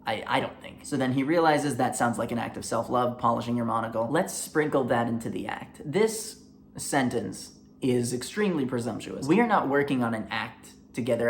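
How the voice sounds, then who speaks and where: A man hosting a comedy video, giving deadpan, sardonic commentary. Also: medium pitch, creaky, a little hiss or hum.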